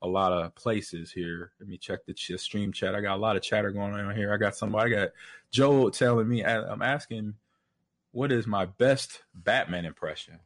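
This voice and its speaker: A man co-hosting a casual gaming podcast, telling stories in an animated way and laughing often. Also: on the low side, moderate pace. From Houston, Texas. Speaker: podcast co-host.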